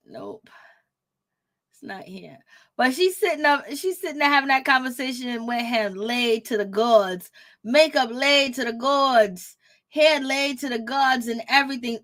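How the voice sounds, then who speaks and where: High-voiced woman dishing casual gossip. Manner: animated, laughing, blunt and profane. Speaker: commentator on a reality show. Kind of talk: casual reaction commentary.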